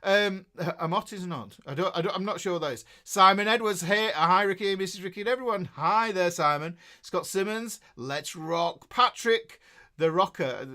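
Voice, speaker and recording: A man's voice: a little high, pushed and bright. A middle-aged man with a Yorkshire accent, a guitar teacher chatting casually and rambling as he reads out live chat messages, full of fillers and restarts. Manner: chatty and rambling, with many fillers and self-interruptions.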